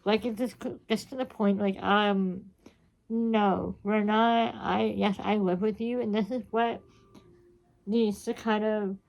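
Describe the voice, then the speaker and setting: A woman's voice: medium pitch, fairly even intonation, slow pace, gravelly, darkish tone, low-quality recording. A woman in her thirties chatting casually to her vlog audience, rambling and frustrated, swearing freely. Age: 30s. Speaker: vlogger. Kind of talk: casual diary-style chat.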